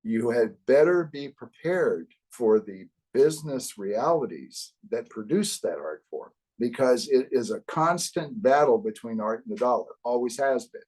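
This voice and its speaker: An older man from the US East Coast, a guest in a casual interview, telling wry, animated stories. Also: mid-range voice, measured pace, hardly any pauses, rough recording. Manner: wry, animated anecdotes with acted quotes. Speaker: guest, author.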